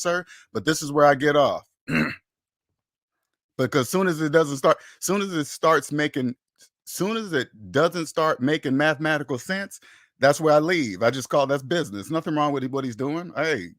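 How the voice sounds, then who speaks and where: Studio-quality audio with no room sound captures a man's fairly high, fairly bright voice. Hosting a personal finance channel, he gives a preachy, emphatic monologue to camera, with repeated phrases and imagined dialogues he performs himself.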